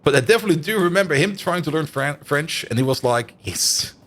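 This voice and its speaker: A man's voice: on the high side, lively intonation, fast, fairly bright tone. A man streaming a game live, chatting and thinking aloud as he plays and laughing often. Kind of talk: live stream commentary while playing.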